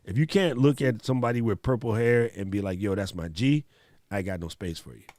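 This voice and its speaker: A man's voice: mid-range voice, fast, no room sound. A middle-aged man hosting a casual talk and telling stories in loose, slangy speech. His voice sits in an ordinary middle range, recorded dry and close. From Hawaii. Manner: animated storytelling, slangy. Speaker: host. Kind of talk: casual conversation.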